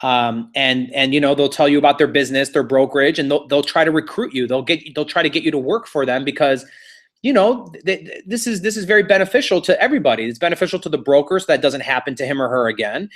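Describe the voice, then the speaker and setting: A man's voice: on the high side, fast talker. A man teaching a real estate class, telling a story in a casual, chatty, repetitive way.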